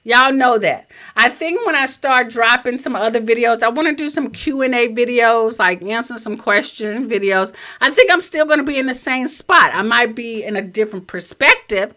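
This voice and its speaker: Southern woman coach, high bright voice, lively and chatty, teaching from her home office on a webcam. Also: moderate pace, few pauses. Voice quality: a little high-pitched. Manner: animated, chatty, talks straight to viewers. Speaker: business coach. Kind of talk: live-streamed teaching presentation.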